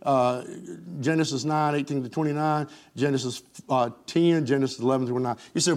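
A middle-aged man preaching a sermon, fervent, rising to loud highs and falling to soft lows. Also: quick pace, hardly any pauses. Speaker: pastor.

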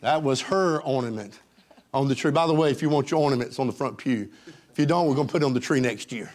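A man's voice: medium pitch, fast, a little mellow. A pastor preaching a sermon in a church, urging his congregation on and calling for their responses. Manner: exhorting, calls for congregation response. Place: church sanctuary.

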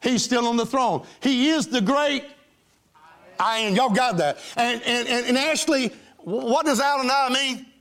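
A middle-aged man preaching a sermon, fervent, rising to loud highs and falling to soft lows. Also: a little slow. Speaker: pastor.

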